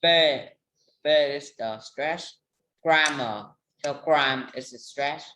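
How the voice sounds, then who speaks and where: Slow, hesitant English learner. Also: mid-range voice, fairly bright tone. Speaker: English student. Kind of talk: reading words aloud in a lesson. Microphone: video call.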